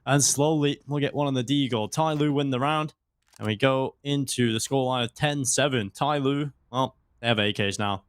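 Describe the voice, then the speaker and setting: A man calling esports play-by-play, building excitement on big plays. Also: mid-range voice, normal speed, no echo. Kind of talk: play-by-play game commentary.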